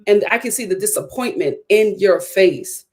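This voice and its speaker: A woman's voice: medium pitch, moderate pace. A woman, casually and expressively reviewing a reality TV episode. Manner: animated, expressive, breaks into laughter and quoted voices.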